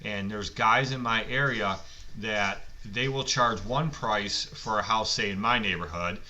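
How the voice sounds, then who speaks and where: Man, lawn care owner, casual podcast. Blunt, rambling, cusses. Lowish, sharp-edged voice, dull lo-fi sound. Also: unhurried. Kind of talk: casual storytelling podcast monologue. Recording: muffled lo-fi recording.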